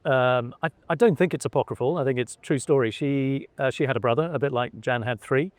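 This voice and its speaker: A middle-aged Englishman, the son of a cricketer, speaks a little fast at medium pitch in a conversational interview. The recording is dry, and his answers are full of fillers and restarts.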